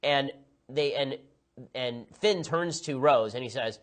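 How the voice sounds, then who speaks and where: Brief: male commentator, quick sarcastic rant, exasperated asides, mid-pitched voice. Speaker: political commentator. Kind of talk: rapid opinionated film review.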